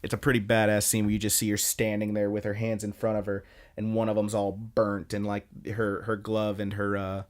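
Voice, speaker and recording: Low-voiced man recapping with fillers. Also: completely flat delivery, a little fast. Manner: rambling retelling with fillers and quoted lines. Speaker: podcast co-host. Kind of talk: casual chat recapping an anime.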